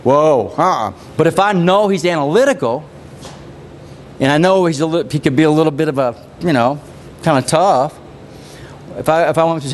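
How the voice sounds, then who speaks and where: Pausing often at an otherwise normal pace, a man with a fairly high voice coaches his sales team in a live training. He's energetic and repetitive, quizzing the audience, with slight background noise.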